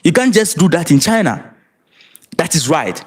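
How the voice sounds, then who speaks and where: Animated Ghanaian man on a livestream. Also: fairly high pitch, normal speed, husky. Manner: emphatic, rhetorical, asks viewers to comment; repeats and restarts words, laughs between points. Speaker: livestream commentator. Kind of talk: live-streamed political commentary.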